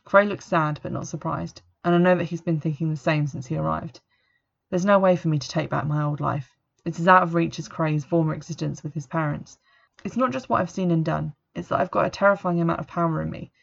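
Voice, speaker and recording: Gravelly woman narrating a story. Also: deep voice, steady tone, a little fast. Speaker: audiobook narrator. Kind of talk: first-person story narration. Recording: dull lo-fi recording.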